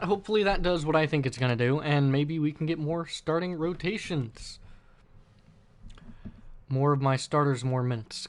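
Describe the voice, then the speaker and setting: A man's voice: fairly high pitch, normal speed. A man hosting his video game channel, chatting casually through a basketball franchise game with plenty of fillers and restarts. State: hiccuping. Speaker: gaming channel host. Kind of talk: casual gameplay commentary.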